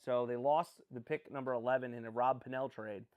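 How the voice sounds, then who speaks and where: A young man hosting a live stream, commenting on a sports draft in an excitable, rambling way and often correcting himself. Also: medium pitch, brisk, narrow, tinny audio.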